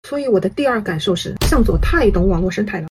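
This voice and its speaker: A woman giving analytical commentary in a brisk, knowing, critical way. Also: mid-range voice, expressive, noisy background. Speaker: online commentator.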